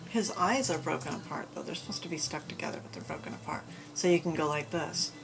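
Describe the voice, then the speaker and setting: A woman with a lowish voice chats her way through a home show-and-tell, upbeat and rambling, full of little fillers. Clear music plays behind her the whole time. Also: fast. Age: adult parent. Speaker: puppet collector showing her collection. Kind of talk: casual show-and-tell chat. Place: home room full of collectibles.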